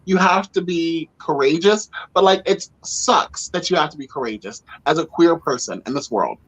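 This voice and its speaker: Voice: mid-range voice, expressive, moderate pace, fairly bright tone, slightly rough, rough recording. A podcast host talking earnestly and emphatically in a casual panel chat, with many "like" and "you know" fillers.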